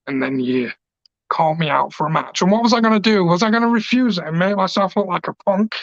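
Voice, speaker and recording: Gravelly man cutting an emotional promo. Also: high voice, brisk, fairly bright tone, no room sound. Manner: emotional, passionate, rambling. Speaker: pro wrestler. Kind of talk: wrestling promo. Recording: dull lo-fi dry recording.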